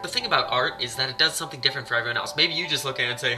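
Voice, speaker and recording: A man's voice: medium pitch, rapid-fire, hardly any pauses. Chatty, wry man over music. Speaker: vlogger. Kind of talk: casual vlog commentary. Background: music playing.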